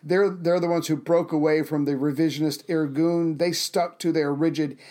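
A man co-hosting a casual history podcast, explaining events conversationally and chiming in with quick agreement. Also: a little high, fairly even intonation, dark tone. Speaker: podcast co-host.

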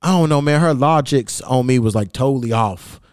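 A young man hosting a podcast, telling stories in a profane, animated casual chat and acting out what people said. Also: medium pitch, normal speed, clear, resonant tone, no echo, clean studio sound. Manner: profane, animated, acts out quoted lines. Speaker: podcast host.

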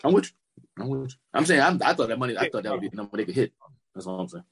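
A man co-hosting a podcast, joking and talking sports in quick casual chat. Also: mid-range voice, vocal fry, slightly rough, dry recording. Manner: fast, lively, joking, swearing. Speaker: podcast co-host.

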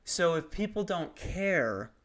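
A man's voice: sits high, very animated, takes it slowly, a bit bright. A young man doing stand-up, telling a story in a profane, sarcastic rant. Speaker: stand-up comedian.

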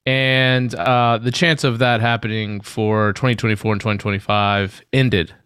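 A man's voice: fairly low pitch, flat delivery, normal speed, a bit bright, smooth, dry recording, studio quality. A man co-hosting a podcast in casual chat, teasing his partner and steering the talk to the next topic. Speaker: podcast co-host.

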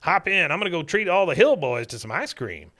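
A man's voice: fairly high pitch, very animated, brisk, sharp tone, pitched above the performer's own voice. A man voicing a hot-tempered, bossy old male war veteran who barks and blusters. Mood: ornery. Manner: barking, blustering outbursts.

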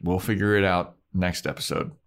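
A deep, gravelly-voiced man co-hosts a TV recap podcast, chatting casually and swearing freely. He acts out scenes in quick put-on voices.

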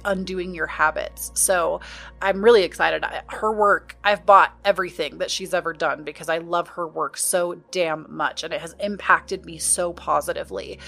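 A woman's voice: fairly low pitch, fairly bright tone. A young woman hosting a podcast, talking casually and earnestly in a sit-down chat with heartfelt encouragement. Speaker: podcast host.

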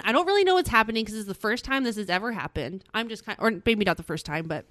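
A young woman telling a story in casual chat, animated and swearing, acting out what people said. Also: a little high, fast talker, few pauses, no room sound, clean studio sound.

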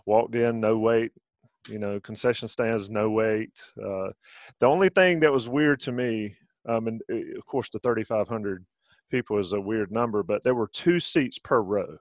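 A man's voice: on the low side, moderate pace, dry recording. A middle-aged man hosting casual sports talk, rambling with restarts. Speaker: sports radio host.

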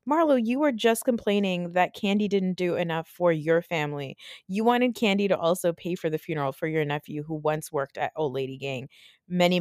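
A woman's voice: low-pitched, darkish tone, no room sound, clean studio sound. A woman with the flu ranting in a blunt, sarcastic way on a casual podcast, talking from her bed. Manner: ranty, blunt and sarcastic, swears freely. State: sick with the flu. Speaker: podcast host. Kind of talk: casual reality TV recap. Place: in bed at home.

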